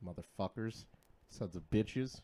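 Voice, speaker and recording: A man's voice: a little slow, a little hiss or hum. A man co-hosting a casual podcast, playful and prone to bursting into song. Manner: playful, bursts into loud falsetto singing. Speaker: podcast co-host.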